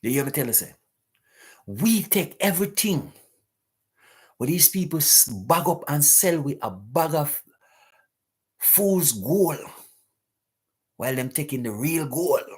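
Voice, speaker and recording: A man's voice: on the high side, lively intonation, a little slow, long pauses, breathy edge. A man hosting a live talk stream, preaching emphatically and repeating rhetorical questions to his listeners.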